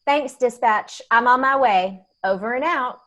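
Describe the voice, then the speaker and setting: A woman's voice: a little high, fairly bright tone. An actress playing a young woman tow truck driver who talks in a wry, confiding way. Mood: mock-official. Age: young adult. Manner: wry, confiding, quick to laugh. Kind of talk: audio drama acting.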